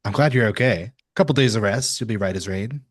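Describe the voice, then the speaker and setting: A man's voice: on the low side, fast talker, natural voice. A man voicing a caring upbeat young guy. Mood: cheerful. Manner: reassuring and cheerful.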